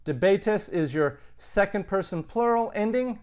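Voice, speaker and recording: A man's voice: sits high, lively intonation, normal speed, a little mellow. A man teaching a Latin lesson, thinking aloud with casual asides. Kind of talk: recorded lesson.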